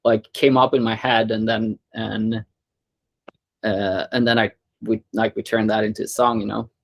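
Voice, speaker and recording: A young adult man from Sweden, a guest musician in a casual interview, talking in halting bursts with many fillers and restarts. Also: lowish voice, little pitch movement, creaky.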